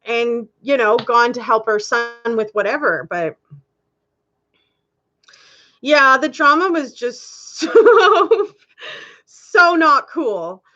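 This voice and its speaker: A woman's voice: a little high, expressive, slow, pauses often, sharp tone, dull audio. A woman hosting a casual live stream, chatting candidly with viewers and laughing often.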